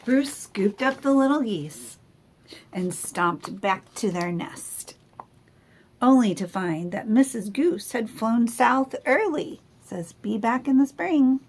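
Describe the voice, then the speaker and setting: Slow-reading woman teacher. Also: medium pitch, expressive, husky. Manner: gentle, asks the children questions. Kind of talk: picture book read-aloud.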